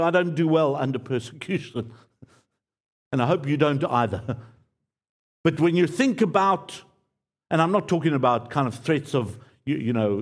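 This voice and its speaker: Earnest man preaching a sermon. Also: mid-range voice. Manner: earnest, pleading, repeats key phrases. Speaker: pastor.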